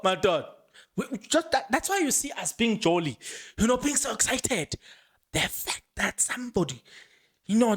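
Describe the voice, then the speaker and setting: South african man, podcast host, excited commentary, laughs often, very lively pitch. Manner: animated, laughing, mixing Zulu phrases into English. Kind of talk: excited commentary on a court case.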